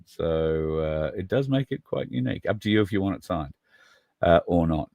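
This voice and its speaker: A man's voice: deep voice, expressive, normal speed, gravelly, a little mellow, no echo, studio quality. A man hosting a livestream, talking casually and rambling, addressing viewers by name. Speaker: podcast host.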